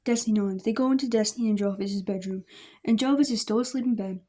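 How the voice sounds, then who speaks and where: A woman's voice: mid-range voice, fast talker, mellow. A woman reading her fan fiction aloud in a plain, unpolished way with small slips. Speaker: story reader.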